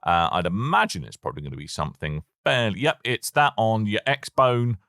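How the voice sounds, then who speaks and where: Male co-host, low voice with bright edge, jokey chat. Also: big pitch swings, a little fast, no echo, clean studio sound. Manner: chatty, jokey, trails off and restarts. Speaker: podcast co-host. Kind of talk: casual chat about video games.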